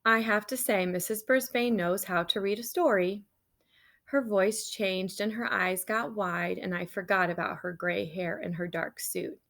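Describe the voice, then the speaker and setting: Woman, read-aloud narration, lively, expressive, children's chapter book. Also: mid-range voice, a little slow, creaky.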